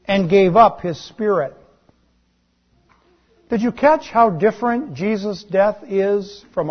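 A man preaching a sermon in a slow, deliberate way, letting his voice drop on key words. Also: high-pitched, dull audio. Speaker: pastor.

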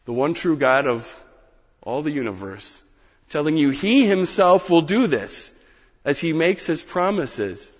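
A male pastor delivers a sermon with emphatic rises on key phrases and quiet drops between them. His voice rings with a long reverb through a church hall. The sound is slightly dull and muffled. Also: fairly high pitch, lively intonation, unhurried.

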